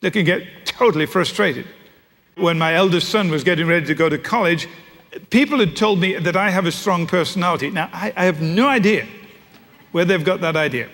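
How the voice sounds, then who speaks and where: A man's voice: high-pitched, a little fast, fairly bright tone. A middle-aged man preaching a sermon, telling wry family stories. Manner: storytelling, wry. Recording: echoey hall.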